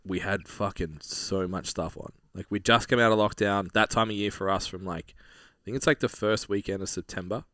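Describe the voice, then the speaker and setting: A man's voice: fairly low pitch, moderate pace, hardly any pauses, fairly bright tone, no echo, clean studio sound. A young Australian man telling a rambling story in casual chat, swearing freely. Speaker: podcast co-host.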